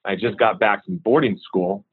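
A man's voice: on the low side, moderate pace, slightly rough. A man, a guest in an interview, candidly and steadily telling a personal story. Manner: candid, steady recounting of hard memories. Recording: tinny phone-like line.

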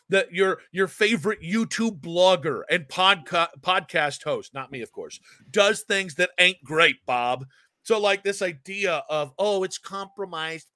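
A man's voice: a little high, sharp tone, no room sound, clean studio sound. A man co-hosting a sports talk show, ranting with fiery sarcasm. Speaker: sports radio co-host.

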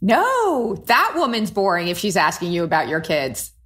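A woman co-hosting a podcast talks with a very lively, swooping pitch. She is enthusiastic and giggly, gushing in casual chat. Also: moderate pace. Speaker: podcast co-host.

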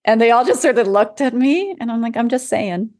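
A woman talks in a relaxed, conversational way about her work as a physician. She tells lively stories, acts out what people said and laughs easily. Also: on the high side, fairly quick. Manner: animated storyteller, acts out quotes, laughs often. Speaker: physician guest. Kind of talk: casual conversation.

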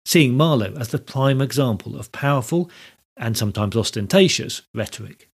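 A man hosting a history podcast, giving a measured, scripted talk that explains things step by step. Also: medium pitch, animated, breathy edge. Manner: measured, explanatory, reads quotes aloud. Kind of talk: scripted educational narration.

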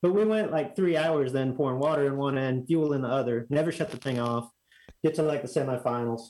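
A man's voice: mid-range voice, a little fast, a little mellow, rough recording. A man from Texas, telling a rambling story as a guest in a casual chat, full of fillers and restarts.

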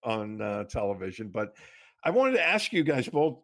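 A man hosting an interview, asking questions in a halting way with many fillers. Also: fairly low pitch, very animated. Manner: halting, lots of fillers and restarts. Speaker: interview host.

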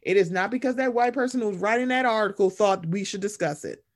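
A man hosting a casual chat, animated and sarcastic, swearing freely and slipping into mocking voices. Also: high-pitched, fast talker.

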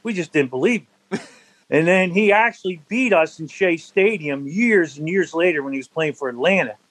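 Older man telling lively football stories. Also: a little high, normal speed, low-quality recording. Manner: animated anecdotal storyteller, laughs between stories. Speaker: interview guest, former football center. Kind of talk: storytelling in a conversational interview.

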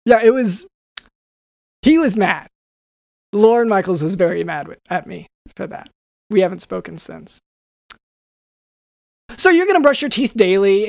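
This podcast co-host's voice sits high and carries vocal fry as he improvises a comedic ad read. His sponsor spot is rambling and jokey, full of restarts. The sound is dry and clean, like a studio.

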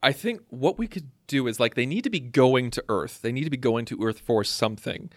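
A man's voice: medium pitch, animated, a little fast, no echo. Rambling man thinking aloud, dry sound. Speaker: podcast co-host. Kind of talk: casual brainstorming chat.

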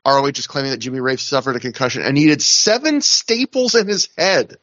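A man's voice: medium pitch, lively intonation, a little fast, a bit bright, no room sound, lo-fi sound. A man co-hosting a wrestling history podcast, chatting casually with mock-outraged banter. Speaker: podcast co-host.

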